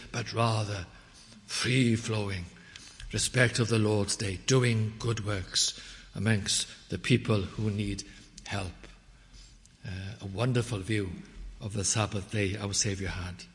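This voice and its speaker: A man preaching a sermon, swinging from quiet reflection to loud, dramatic proclamation and quoting scripture in old-fashioned wording. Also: on the low side, steady tone, slow, a little hiss or hum. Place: church. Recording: long hall reverb.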